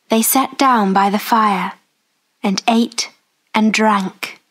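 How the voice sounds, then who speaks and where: A woman narrating a children's story slowly and carefully for English learners. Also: medium pitch, steady tone, fairly bright tone. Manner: slow, careful, clearly spoken.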